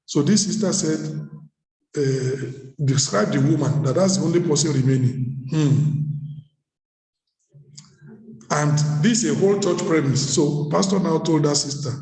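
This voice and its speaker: Male pastor, high mellow voice, storytelling sermon with repeated phrases, recorded in a reverberant hall. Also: unhurried, long pauses. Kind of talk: sermon at leadership workshop. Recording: echoey hall.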